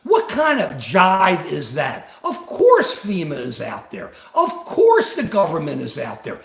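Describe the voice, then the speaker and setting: A man's voice: on the high side, huge pitch swings, unhurried, vocal fry, reverberant. An older man and grandfather, host of a livestream, giving rambling, combative political commentary.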